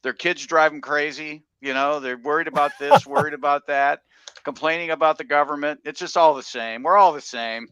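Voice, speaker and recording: A man, a business coach guest on a video call, talking in a relaxed, rambling way with restarts. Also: on the high side, brisk, smooth, no echo, highs cut off. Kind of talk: casual interview.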